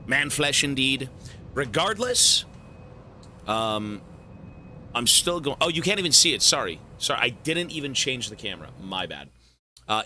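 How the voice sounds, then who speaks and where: A man with a hoarse, worn-out voice chatting casually with viewers on a gaming live stream, loose and swearing. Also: mid-range voice, pushed and bright, slight background noise. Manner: slow, loose, swearing banter. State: hoarse, sore throat. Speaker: gaming livestreamer.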